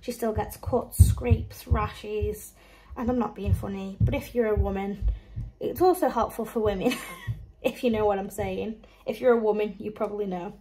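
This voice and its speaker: A woman's voice: mid-range voice, steady tone, normal speed, warm tone, low-quality recording. A young woman and mum chatting casually through a shopping haul, rambling along and listing prices with small laughs. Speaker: mum and vlogger.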